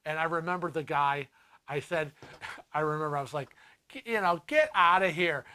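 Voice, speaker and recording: An older man hosting a casual livestream chat, lively, laughing often and acting out the voices of people he quotes. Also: a little high, normal speed, pauses often, clear, resonant tone. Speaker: host.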